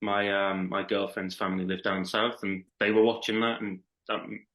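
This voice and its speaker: A man's voice: fairly low pitch, level tone, moderate pace, fairly bright tone. A man with a Liverpool accent, a podcast guest chatting casually and thoughtfully, often restarting his sentences. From Liverpool, England. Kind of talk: casual chat.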